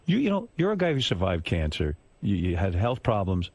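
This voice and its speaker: A man's voice: low voice, wildly swooping pitch, a little fast, darkish tone, no room sound. A man hosting a talk show who speaks bluntly and sounds incredulous, cursing and cutting in on his guest. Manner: blunt, incredulous, profane, interrupts. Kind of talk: casual talk radio chat. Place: radio studio. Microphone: close studio mic.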